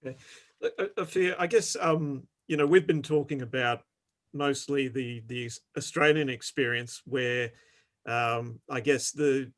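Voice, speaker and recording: A man's voice: medium pitch, a bit bright. A man moderating a webinar panel, asking questions in a hesitant way with many fillers. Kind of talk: casual panel talk.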